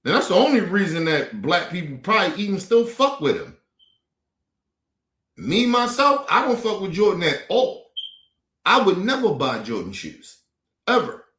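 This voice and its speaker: A man's voice: high voice, very animated, moderate pace, long pauses, a bit bright. A man streaming commentary, blunt and indignant, with heavy swearing. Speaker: streamer reacting to clips. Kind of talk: casual profane commentary. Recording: roomy echo.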